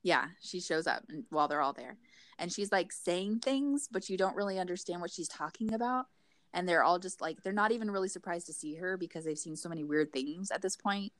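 A woman's voice: a little fast, dry recording. A young woman casually retelling a TV episode, full of "like" and acting out the characters' lines. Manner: animated, acts out characters' lines in raised pitch; frequent fillers like "like".

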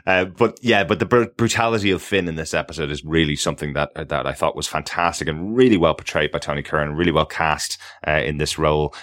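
A man with a very low voice talks on a podcast in an easy, enthusiastic way. He fills his speech with ums and uhs. The sound is dry and close, with no room in it. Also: fairly even intonation, fast, hardly any pauses, fairly bright tone, dry recording. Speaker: podcast co-host. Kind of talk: casual podcast chat.

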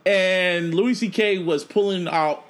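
A man's voice: high-pitched, slow pace, a bit bright. A man co-hosting a podcast, telling stories in casual chat, swearing freely and laughing often. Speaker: podcast co-host.

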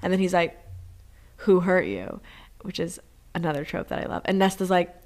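A young woman co-hosting a podcast, gushing as she retells book scenes in casual chat, swinging from hushed to loud, with lots of fillers. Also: on the low side, steady tone, quick pace. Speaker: podcast co-host.

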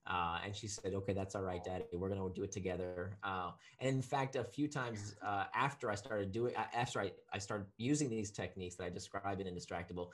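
A man, an author being interviewed on a podcast, talking with lots of laughter and quick restarts when he gets excited. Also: low voice. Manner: warm, laughs easily, repeats words when excited. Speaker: author guest.

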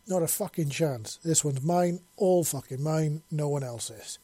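A man's voice: a little high, measured pace, dark tone, no echo, pitched above the performer's own voice. A man voicing a cocky, crude male creature who teases and swears. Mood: teasing.

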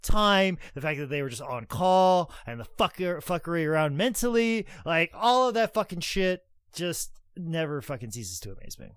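Animated, swearing man telling stories. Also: a little high, moderate pace, smooth, no echo, studio quality. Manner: swears a lot, acts out quotes; animated, swings loud and soft. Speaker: podcast co-host, former wrestler. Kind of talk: casual storytelling chat.

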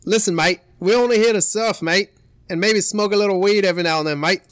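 A man voicing a brash, loudmouthed male Australian surfer with an Australian accent, taunting and swaggering. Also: high-pitched, fast talker, no room sound, clean studio sound, pitched above the performer's own voice.

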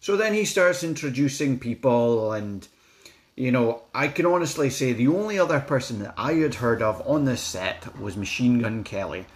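A Scottish man talks straight to camera in a casual review vlog. He is blunt and outspoken, swears freely and often trips and restarts his sentences. His voice sits at an everyday middle pitch for a man. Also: lively intonation, normal speed.

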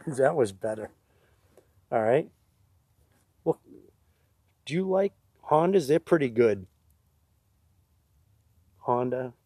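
Husky man spinning hunting yarns. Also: mid-range voice, animated, slow pace, pauses often, dark tone, dry recording. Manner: rambling, laughing through his own stories. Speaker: podcast co-host. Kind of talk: casual storytelling chat.

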